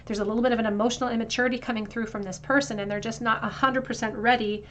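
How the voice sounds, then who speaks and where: A woman doing a pick-a-card tarot reading to camera, talking in a flowing, reflective way and going softer as she pulls cards. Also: fairly high pitch, fairly even intonation, rapid-fire, a little hiss or hum. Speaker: tarot reader.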